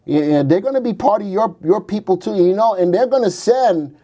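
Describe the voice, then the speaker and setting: Brisk and animated, this host has a high voice with a dark tone as he talks casually over stock charts. He cracks jokes with his co-host and adopts goofy put-on voices.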